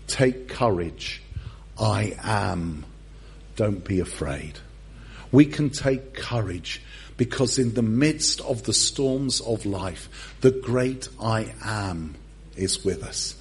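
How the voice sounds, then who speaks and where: A man's voice: lowish voice, animated, takes it slowly, darkish tone, husky. A man, a pastor giving a humorous sermon in a church service and acting out the story. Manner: humorous storyteller with comic voices.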